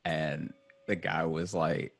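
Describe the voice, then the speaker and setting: A man's voice: rumbling low, slow pace, creaky. A young man from Chicago, a comedian telling a story in casual chat, acting out voices and laughing as he goes. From Chicago, USA. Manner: animated, acts out voices, laughs through the story.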